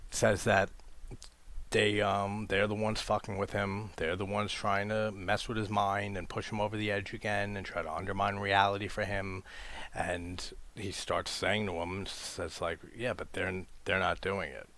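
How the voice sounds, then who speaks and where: A man with a very low voice talks through a horror sequel he loves. He is casual and enthusiastic, swearing freely and retelling scene after scene. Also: flat delivery, unhurried, fairly bright tone. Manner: enthusiastic, swears casually, acts out quoted dialogue. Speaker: horror film reviewer. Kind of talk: casual film discussion.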